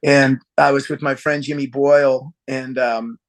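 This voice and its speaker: A man, a musician guest, telling a story in a casual interview, rambling and halting with laughs and acted-out quotes. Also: mid-range voice, little pitch movement.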